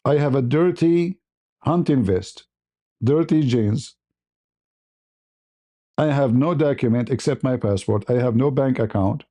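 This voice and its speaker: A man's voice: mid-range voice, unhurried, long pauses, mellow. A man from the Middle East, a channel host, telling a story on a livestream in broken conversational English and chuckling often.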